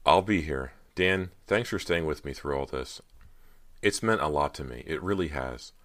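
Voicing a scared teenage girl's confession, a very deep-voiced man raises his pitch into trembling, pleading outbursts. His delivery is animated at a moderate pace, and the tone is a bit bright.

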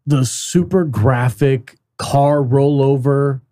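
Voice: mid-range voice, slow, mellow. A podcast co-host chatting casually and offhandedly, also reading out the live chat. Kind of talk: casual chat about a TV series.

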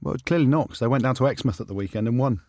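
A man in his forties from England, co-hosting a podcast in casual banter, teasing and quick to laugh. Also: mid-range voice, a little mellow, dry recording, clean studio sound. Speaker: co-host, former rugby player.

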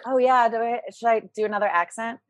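Chatty woman cohost on a video call, slightly high voice, dry close sound, upbeat. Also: steady tone, fairly quick, no echo. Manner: upbeat, chatty, leans on fillers. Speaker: co-host. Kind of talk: casual podcast chat.

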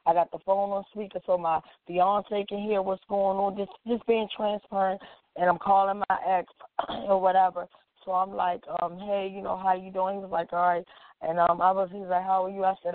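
Here a woman with a mid-range voice casually relates a story from her own life, performing the characters' dialogue with animation and frequent uses of "like." Her recording is echo-free, dry, and tinny like a phone.

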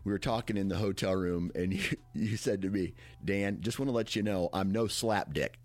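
A man's voice: low voice, normal speed, darkish tone. A man hosting a casual chat, telling stories in a rambling way with frequent laughs. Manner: laughs often, storytelling with restarts. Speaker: podcast host.

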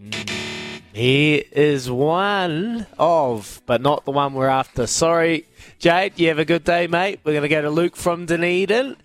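A man's voice: fairly high pitch, unhurried, faint music behind. A man with a New Zealand accent hosting a radio sports quiz, bantering and teasing callers. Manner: cheeky, teasing, laughs often.

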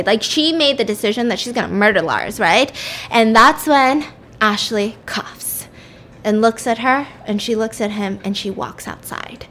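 A woman's voice: a little high, unhurried. A woman casually retelling a crime story for a podcast, acting out the characters with whispers and sudden outbursts. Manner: animated, acts out quotes with whispers and shouts. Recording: faint background noise.

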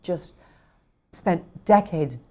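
A woman's voice: lowish voice, expressive, extremely slow. A middle-aged woman author talking earnestly and intimately about self-compassion in a casual conversation. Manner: earnest, warm, gently intimate. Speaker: author guest.

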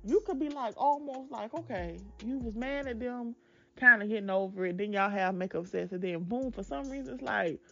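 A woman in her twenties talking candidly to her viewers, blunt and sassy, with emphatic, drawn-out asides and plenty of profanity. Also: fairly high pitch, gravelly, dull audio, soft background music. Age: 20s. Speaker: vlogger. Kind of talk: candid casual chat to viewers.

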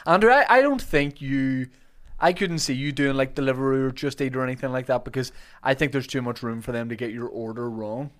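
Northern Irish man, podcast host, chatty ad reads, mid-pitched voice, jokes and self-corrections. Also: fairly quick. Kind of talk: casual podcast chat with ad reads.

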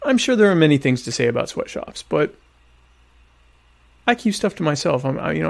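A man chatting casually to viewers while eating dinner, rambling and joking with deadpan irony about being a quiet type. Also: on the high side, fairly quick, gravelly, pauses often. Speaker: vlogger answering viewer questions. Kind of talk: casual comedic chat.

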